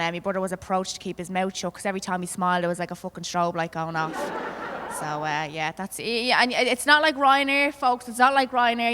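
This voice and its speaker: A woman's voice: mid-range voice, sharp tone, big-room sound, a little hiss or hum. A woman with a Dublin accent performing a stand-up comedy set, brash and swearing as she tells stories to the room. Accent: Dublin Irish. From Ireland. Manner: brash, swearing, conversational storytelling. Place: comedy club stage.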